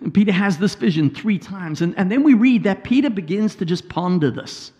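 Guy pastor preaching, kinda high voice, tells the story w/ little asides. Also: animated, a little fast, warm tone. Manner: storytelling with paraphrased quotes and asides. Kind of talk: sermon. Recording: hall reverb.

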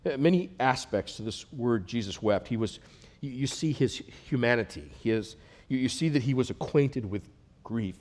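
A man preaching a sermon, earnest, rising to loud emphatic passages and dropping to a near hush. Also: mid-range voice, animated, normal speed. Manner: earnest, swells loud then drops to a hush. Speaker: pastor.

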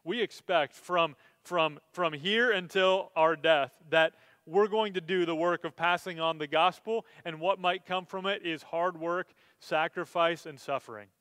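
A man's voice: fairly high pitch, a little slow, few pauses, a bit bright, clean tone, no echo. A male pastor preaching a sermon in a conversational way, building to emphatic, impassioned stretches.

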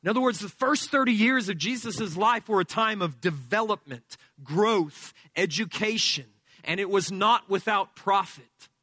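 A male pastor preaching an expository sermon, explaining scripture verse by verse in a deliberate teaching manner. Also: high voice, animated, bright, forceful tone, no room sound, studio quality.

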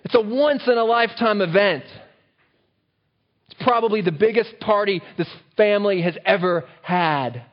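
Here a male pastor delivers a sermon with a voice that sits high, speaking at a normal speed. He keeps listeners engaged by often asking them rhetorical questions, and the track is dull and lo-fi.

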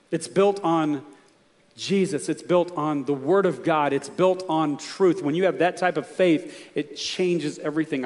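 A man's voice: fairly high pitch, a little mellow, in a large hall. A man preaching a sermon, telling a story and asking the congregation earnest, emphatic questions. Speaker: pastor.

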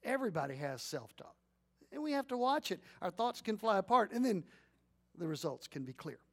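A middle-aged man preaching a sermon as pastor, telling stories with lively acted-out scenes and leading the congregation in responsive reading. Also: high-pitched, brisk. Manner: animated storytelling, acts out scenes, sudden loud bursts.

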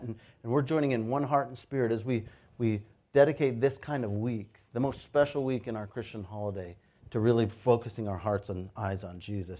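A man preaching a sermon, retelling scripture with lively, animated storytelling and acted-out crowd voices. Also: medium pitch, highs cut off. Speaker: pastor.

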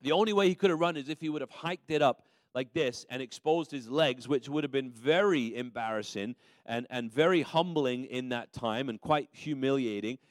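A man's voice: medium pitch, normal speed, no echo. A man preaching a sermon as a minister, telling a story in a conversational way with frequent restarts.

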